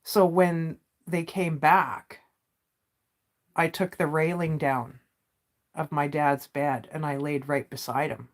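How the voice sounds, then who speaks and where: A woman with a somewhat low voice recounts a personal family story straight to the camera. She talks candidly, scattering "like" through her sentences and acting out what each person said. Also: fairly even intonation, slow. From Canada. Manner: candid, emotional retelling with many "like"s. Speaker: vlogger.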